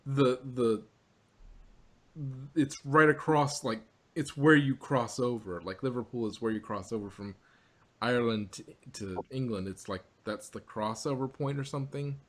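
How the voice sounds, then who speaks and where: A man's voice: mid-range voice, a little slow, fairly bright tone. A man co-hosting a casual review chat, rambling with many restarts and frequent laughs. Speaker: podcast co-host.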